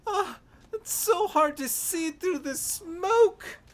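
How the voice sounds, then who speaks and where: A man voicing a panicked male enemy player who cannot see through smoke, in a high whiny squeal. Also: expressive, slow pace, a little hiss or hum, exaggerated voice.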